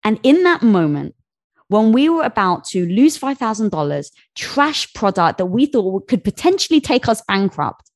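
A woman guest on an interview, telling a business anecdote in a lively way and acting out the voices of the people in it. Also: mid-range voice, moderate pace. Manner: animated, acts out voices in anecdotes. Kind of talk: casual storytelling.

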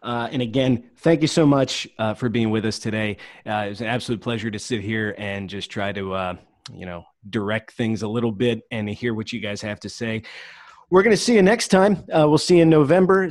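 A man's voice: mid-range voice, darkish tone. A man hosting a podcast, talking casually with many fillers and restarts as he tells a story and wraps up the show. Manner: halting, many fillers and restarts, thanks guests and listeners. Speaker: podcast host. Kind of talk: casual chat.

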